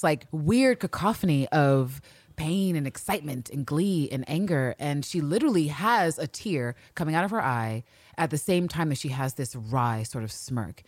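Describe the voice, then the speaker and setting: A woman co-hosting a podcast, recapping a TV episode in casual, animated chat, swearing freely and acting out characters' lines. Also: low-pitched, dry recording, clean studio sound. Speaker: podcast co-host.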